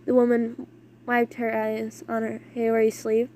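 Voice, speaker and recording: A woman's voice: on the high side, monotone, unhurried, dark tone, slight background noise. Woman narrating a fanfic aloud. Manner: casual, chatty asides, stumbles on words. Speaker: voice actor reading a fanfic. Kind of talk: story narration.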